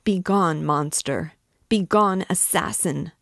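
A woman's voice: on the low side, takes it slowly, vocal fry, a bit bright, dry recording, clean studio sound, exaggerated voice. Woman voicing a furious, frightened young girl. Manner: urgent, outraged, raised voice.

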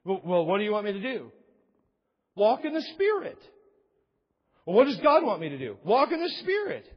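A man's voice: sits high, huge pitch swings, normal speed, husky. A man preaching a sermon emphatically, repeating key phrases for weight, with an aside now and then. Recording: long reverb, dull lo-fi sound.

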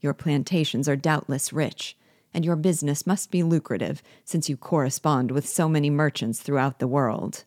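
A woman's voice: low-pitched, moderate pace, a little mellow, dry recording, clean studio sound. A woman voicing a sardonic rebel general. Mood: scornful. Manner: cold, mocking and commanding.

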